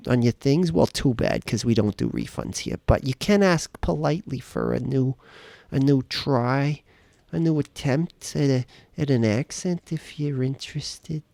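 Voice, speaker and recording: A doting old grandmother, put on by a man, fusses and coddles in a gravelly, mellow voice. She frets over whether everyone has eaten, in a dry close recording from a live game stream. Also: mid-range voice, measured pace, no room sound. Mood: teasing.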